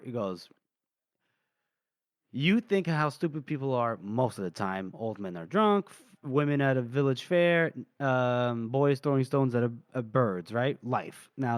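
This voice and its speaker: A man's voice: mid-range voice, no echo. A young man co-hosting a podcast, animatedly retelling a book chapter in casual chat and briefly acting out the characters' lines. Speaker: podcast co-host.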